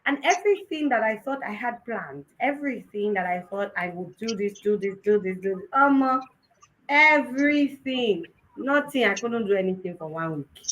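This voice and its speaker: Lively Nigerian woman telling a story. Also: medium pitch, moderate pace, low-quality recording. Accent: Nigerian, Yoruba-influenced. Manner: lively storytelling, laughing, mixes in Yoruba phrases. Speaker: host. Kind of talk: live conference talk.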